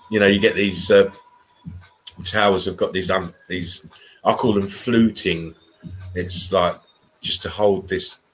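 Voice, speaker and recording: A man's voice: low-pitched, a bit bright, low-quality recording. A man with an English accent talking casually and bluntly as a livestream host, rambling and swearing as he comments.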